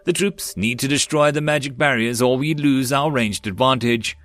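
A man voicing a male commander who gives orders in a calm, steady voice, in an audiobook. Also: medium pitch, moderate pace, dry recording, clean studio sound, close to an everyday voice. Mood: commanding.

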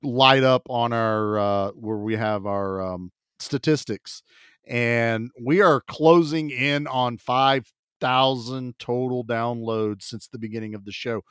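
A man's voice: mid-range voice, fairly even intonation, takes it slowly, a bit bright, clear, resonant tone, dry recording, studio quality. A man co-hosting a podcast in a casual, chatty and joking way. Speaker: podcast co-host.

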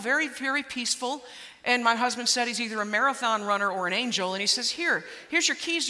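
A middle-aged woman gives a lively story-driven speech with a very bright, sharp voice. She tumbles over repeated words when she gets worked up, and her voice rings out with the long reverb of a big hall. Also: a little high. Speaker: public speaker.

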